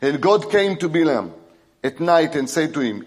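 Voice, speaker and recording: A male preacher giving an emphatic sermon, swinging between loud exclamations and quiet asides. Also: on the high side, sing-song, moderate pace, husky, big-room sound.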